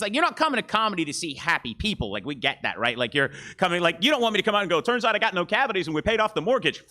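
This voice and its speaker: A man's voice: sits high, pushed and bright. A man doing loose, self-deprecating stand-up banter, swearing and laughing at his own jokes. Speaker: stand-up comedian. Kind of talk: casual comedy banter and silly impressions.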